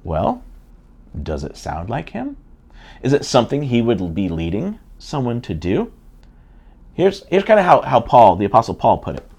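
A man's voice: medium pitch, wildly swooping pitch, moderate pace, vocal fry, darkish tone, slightly rough. A middle-aged man, a pastor, teaching a sermon in an earnest, conversational way with frequent restarts.

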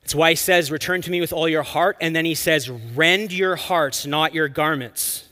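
A man preaching a sermon in an earnest, expressive way, drawing out key lines for emphasis. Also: a little high, normal speed. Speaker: pastor.

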